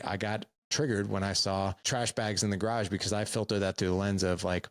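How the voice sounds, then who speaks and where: Middle-aged male podcast host, deep voice with gravel, candid and repetitive for emphasis. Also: no room sound. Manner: earnest, repeats words for emphasis. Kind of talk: candid storytelling advice.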